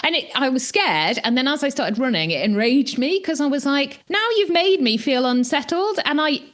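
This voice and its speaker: A woman co-hosting a podcast, telling a story in a casual, animated way, acting out what people said and laughing often. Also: normal speed. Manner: animated, acts out quotes with big pitch jumps; laughs often, many restarts. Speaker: podcast co-host.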